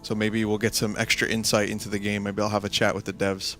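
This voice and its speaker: A man's voice: on the low side, completely flat delivery, fast talker, fairly bright tone, soft background music. A man streaming a game, chatting casually with a loose, profane manner and frequent laughter.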